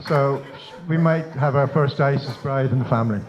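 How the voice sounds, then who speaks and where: A man's voice: medium pitch, moderate pace, crowd noise, noisy background. Joking Irish father giving a wedding speech. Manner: teasing, joke-telling. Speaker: father of the bride. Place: wedding reception. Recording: slightly dull lo-fi sound.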